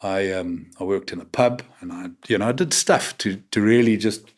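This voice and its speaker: A man's voice: on the low side, normal speed. A South African man in his fifties, a guest on a talk show, telling stories frankly and tagging his sentences with "man" and "right?". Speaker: podcast guest. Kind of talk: candid conversational interview.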